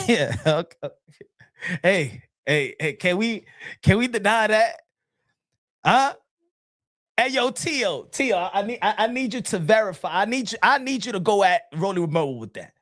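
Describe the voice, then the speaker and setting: A boxing podcast host rants casually in a medium-pitched voice at normal speed, swearing and laughing often. He's animated and keeps stumbling and restarting his sentences. The studio-quality recording has no echo.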